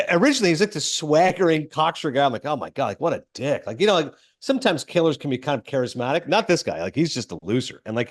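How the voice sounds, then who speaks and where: Fast-talking man rambling through a film recap. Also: medium pitch. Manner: rambling, filler-heavy retelling with quick quoted asides. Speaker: podcast host.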